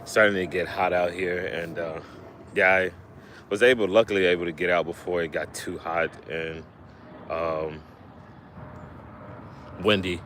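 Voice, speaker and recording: Guy with a really low voice chatting on a live stream while fishing, lots of uhs, kinda out of breath. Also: slight background noise. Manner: relaxed, halting, lots of fillers and restarts. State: a little out of breath. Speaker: livestream host. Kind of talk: casual livestream chat. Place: outdoors by the water while fishing.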